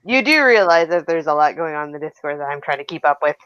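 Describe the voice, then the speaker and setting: A woman's voice: low-pitched, animated, fast talker, fairly bright tone, clean tone, muffled recording. A woman in a casual group chat over a voice call, laughing often and teasing her friends wryly. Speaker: podcast panelist.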